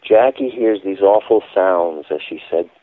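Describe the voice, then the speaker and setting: A man's voice: low-pitched, animated, moderate pace. A man giving a phone-in radio interview, telling his account in an emphatic, insistent way. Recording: tinny phone line, dry.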